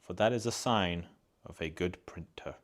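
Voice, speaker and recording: A man's voice: deep voice, moderate pace. A man hosting a live stream, chatting casually while he builds, rambling and restarting his sentences and laughing often.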